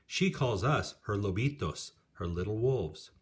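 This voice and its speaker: A man calmly reading a children's picture book aloud. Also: fairly low pitch, unhurried, hardly any pauses.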